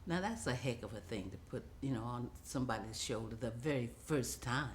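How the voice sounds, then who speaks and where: A woman in her seventies from the United States, an actress reminiscing in an interview, animated and laughing often as she tells stories. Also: very deep voice, fairly quick, slight background noise. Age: 70s.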